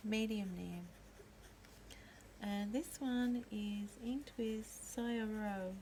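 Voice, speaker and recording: A woman hosting a pen and ink video, calmly naming each pen and ink as she shows them. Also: medium pitch, slight background noise. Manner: gentle, unhurried, pausing to name each pen. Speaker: pen and ink channel host. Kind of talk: slow show-and-tell narration.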